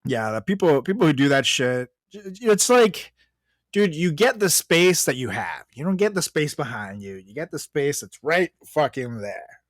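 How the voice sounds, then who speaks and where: A man's voice: fairly high pitch, very animated, normal speed, no room sound, studio quality. A young man co-hosting a podcast, ranting in casual chat, swearing freely and laughing often. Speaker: podcast co-host.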